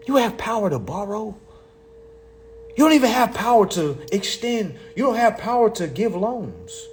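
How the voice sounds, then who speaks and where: A man, talking in a profane, excitable casual monologue, reading legal text aloud and mocking it. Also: high voice, moderate pace, a little hiss or hum. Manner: profane, excitable, laughs often, reads text aloud and mocks it. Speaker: commentator on consumer law.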